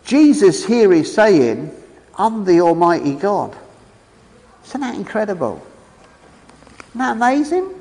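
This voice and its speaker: A man's voice: high voice, big-room sound, low-quality recording. A man preaching a sermon with enthusiasm, asking the congregation questions and reading scripture aloud. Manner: animated, enthusiastic, reads scripture aloud with pauses.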